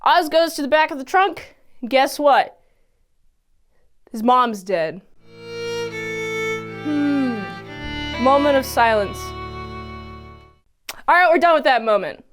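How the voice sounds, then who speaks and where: High, lively woman recapping a TV episode. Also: normal speed, pauses often, soft background music. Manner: animated, exclamatory, acts out characters' lines. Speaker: TV episode reviewer.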